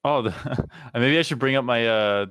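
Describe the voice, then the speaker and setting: A man's voice: medium pitch, normal speed, fairly bright tone, smooth, dry recording. Young man, easygoing friend who laughs easily; dry, close sound. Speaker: friend in the conversation. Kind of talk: casual chat.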